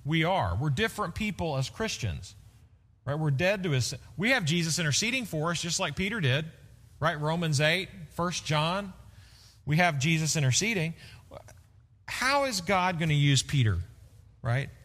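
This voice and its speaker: A man preaching a sermon with a bright, fairly high voice. He talks to the congregation conversationally and keeps checking in with "right?". A long reverb from the big church hall hangs on his words. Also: expressive, moderate pace. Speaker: pastor.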